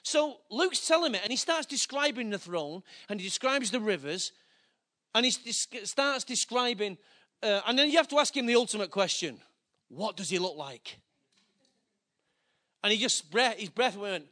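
A man's voice: high-pitched, moderate pace. A man preaching, telling a story with acted-out dialogue and plain emotion. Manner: animated, acts out dialogue, gets emotional. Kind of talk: sermon storytelling.

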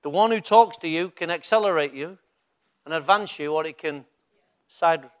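High-voiced male pastor preaching. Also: normal speed. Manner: conversational preaching, rising to emphatic bursts. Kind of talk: sermon.

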